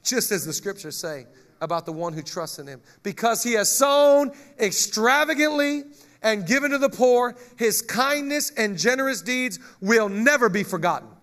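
A male pastor preaching a lively sermon, joking with the congregation and reading scripture aloud. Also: extremely high pitch, moderate pace.

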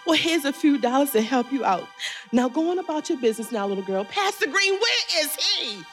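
A high-strung, theatrical pastor's wife in an audio drama, played by a woman. Her high voice swoops widely as she presses everyone for answers. Faint music sits under the scene. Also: lively intonation, fairly quick, a bit bright. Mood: condescending. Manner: theatrical, demanding, swoops in pitch.

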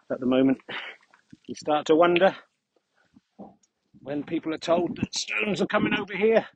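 A man walking his dog through open fields delivers an absurd, mock-grandiose monologue in a flat, deadpan way. His voice sits a little high and has a husky edge. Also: no room sound. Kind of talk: rambling comic walk-and-talk monologue.

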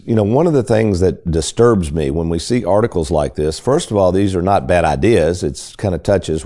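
A man with a low-sitting voice and dark tone hosts a financial talk radio show. His delivery is folksy and emphatic, and he frequently speaks straight to his listeners as "folks."

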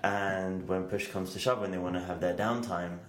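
A man's voice: sits low, fairly even intonation, moderate pace, roomy sound, a little hiss or hum. A man with an English accent co-hosting a podcast, chatting casually and explaining stories at length. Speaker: podcast co-host. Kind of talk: casual chat.

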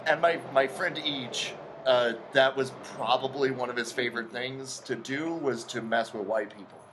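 A man's voice: medium pitch, normal speed, a bit bright, a little hiss or hum, rough recording. A man co-hosting a casual podcast, teasing and joking, often laughing as he talks. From grew up on a reservation. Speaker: regular co-host.

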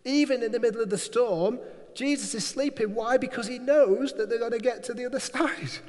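High-voiced man preaching in a hall. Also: brisk, darkish tone. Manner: emphatic, repetitive preaching with acted-out quotes. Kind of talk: sermon.

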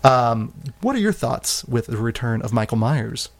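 A man's voice: medium pitch, big pitch swings, normal speed. A man hosting a casual film podcast, talking in a rambling way with lots of fillers. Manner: rambling, hesitant with many fillers. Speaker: podcast host.

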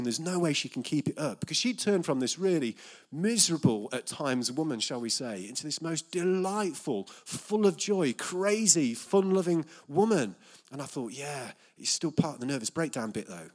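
Man preaching an animated sermon. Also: medium pitch. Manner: animated storytelling, acts out quoted voices. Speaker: pastor.

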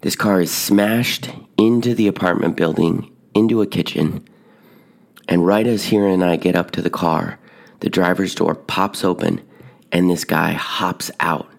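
A man casually telling a personal story on a podcast, building suspense with hushed moments. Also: sits low, unhurried, gravelly. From Tucson, Arizona. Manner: animated, drops to hushed whispers at dramatic moments. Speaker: podcast host telling stories.

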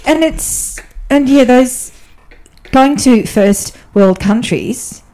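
A woman guest on a podcast, talking candidly and chattily about her life as a diplomatic spouse, often restarting her sentences. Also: takes it slowly. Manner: animated, often jumps up in pitch when telling stories. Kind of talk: casual podcast conversation.

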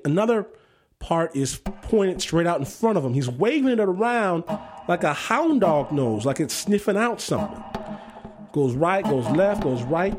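A man's voice: high voice, husky. A man hosting a radio story show and telling a vivid, dramatic personal story. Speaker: host and storyteller.

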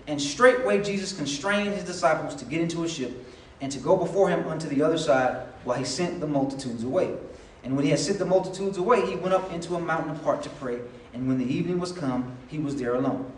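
A man's voice: on the high side, slight background noise. A man preaching a sermon, telling the story in a casual, conversational way and acting out dialogue. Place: church sanctuary. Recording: echoey hall from far off. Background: congregation responses.

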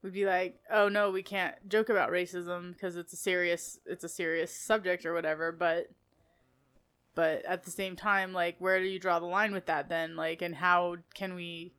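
A woman's voice: lowish voice, flat delivery, moderate pace, a bit bright, clear, resonant tone. Chatty woman podcast co-host. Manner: chatty, heavy use of "like", laughs easily. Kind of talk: casual podcast chat.

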